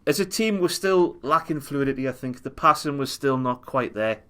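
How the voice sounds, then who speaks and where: A man's voice: medium pitch, normal speed. A young man, chatting bluntly and wryly about his team's latest match as a fan pundit. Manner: blunt, wry, animated when telling stories. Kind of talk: casual chat.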